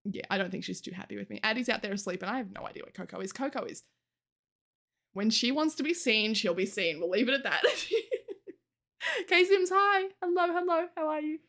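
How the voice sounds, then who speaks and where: A woman's voice: fairly high pitch, moderate pace, fairly bright tone. A woman livestreamer chatting casually with her viewers, laughing often, swearing now and then and reading chat aloud.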